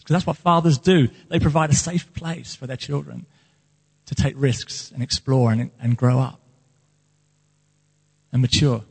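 A man's voice: mid-range voice, fairly even intonation, unhurried, gravelly, long pauses, slightly rough. A man preaching as the pastor of his church, speaking earnestly and with passion about his calling. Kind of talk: sermon. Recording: long hall reverb.

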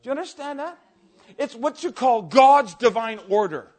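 A man preaching a sermon, telling stories with energy and swinging between quiet asides and loud outbursts. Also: very high-pitched, normal speed. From Canada. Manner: animated storytelling, swings from soft to shouting.

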